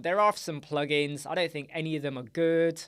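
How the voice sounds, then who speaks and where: A man hosting a casual live-stream chat show, answering viewers in an animated, chatty way with many fillers and asides. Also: fairly high pitch, moderate pace, clean tone, dry recording, clean studio sound. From United Kingdom. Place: small dark room with sound panels.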